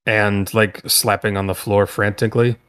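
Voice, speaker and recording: A man narrating as game master of a tabletop role-playing game, in loose, halting speech full of fillers. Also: on the low side, little pitch movement, a bit bright, smooth.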